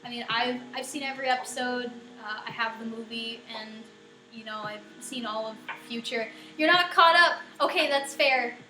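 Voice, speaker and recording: A woman's voice: on the high side, fairly even intonation, moderate pace, pushed and bright. A young woman chatting casually and giggling often as she answers viewers during a live baking stream at home. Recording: roomy echo with faint music.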